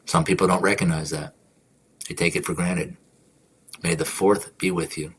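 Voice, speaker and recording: Stream host, deep low male voice, casual spiritual talk with quiet whispered prayers, slight background noise. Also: steady tone, normal speed. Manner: reflective, drifts into soft whispered affirmations.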